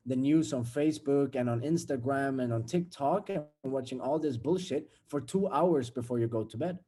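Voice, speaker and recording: Young man, mellow warm voice, blunt motivational vlog talk, swears a lot. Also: mid-range voice. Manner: blunt, swears freely, acts out everyday scenes. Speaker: self-development vlogger.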